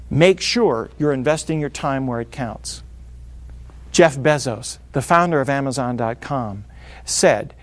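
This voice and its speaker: A middle-aged man giving a motivational seminar talk, animated and playing out quoted voices. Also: on the high side, no room sound. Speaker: speaker.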